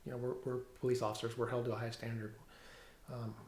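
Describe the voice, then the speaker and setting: A middle-aged police officer giving a personal testimony at home, talking haltingly with many fillers and restarts. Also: male voice, mid-range voice, flat delivery, a little mellow, echoey room. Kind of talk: personal testimony, reading from notes. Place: room at home.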